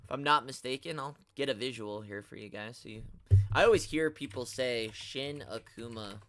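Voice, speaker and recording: A man's voice: on the high side, animated, moderate pace, pushed and bright, no echo, clean studio sound. A young man hosting a casual live stream, rambling in slangy talk and getting exasperated as he reads and answers chat. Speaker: host of a toy collecting live stream.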